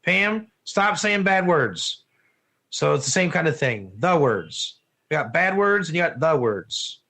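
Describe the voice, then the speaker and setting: Animated high-voiced man teaching a class. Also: measured pace, slight background noise. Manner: animated, asks the class questions, often says "one or two", laughs at own jokes. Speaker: Torah teacher. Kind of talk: lively online class lecture.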